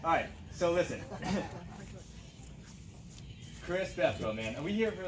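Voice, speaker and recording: A man giving a halting, rambling roast speech, swearing often. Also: a little high, very animated. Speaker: roast speaker. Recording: echoey room from far off with crowd.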